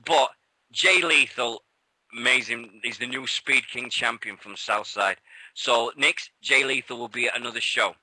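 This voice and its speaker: British male co-host, very bright voice, excitable laughing storyteller, dry sound. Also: mid-range voice, a little slow, husky, no room sound, rough recording. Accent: British English. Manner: excitable, laughing storyteller who swears freely. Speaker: radio show co-host. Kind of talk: casual chat.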